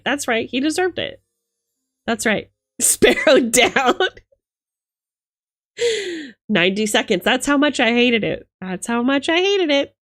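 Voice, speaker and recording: A young woman streamer chatting casually with her viewers, animated, laughing and swearing freely. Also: on the high side. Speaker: livestreamer.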